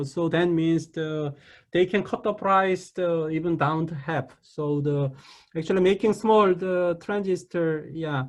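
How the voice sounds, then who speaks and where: Halting, high-voiced male lecturer. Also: darkish tone. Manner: halting, many restarts and repeated "okay". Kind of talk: classroom lecture.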